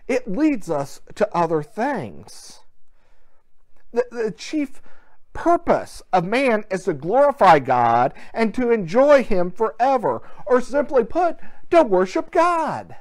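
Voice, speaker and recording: Pastor, sermon, earnest storytelling delivery, very animated pitch, medium voice. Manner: earnest storytelling with quoted dialogue. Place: church service without a gathered congregation.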